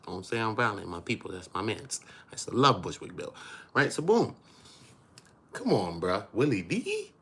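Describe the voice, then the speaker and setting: Deep-voiced New man riffing. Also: wildly swooping pitch, normal speed, gravelly, fairly bright tone, husky. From New York. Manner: playful, slangy, breaks into laughter and acted asides. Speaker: commentary host. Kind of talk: animated street-slang commentary.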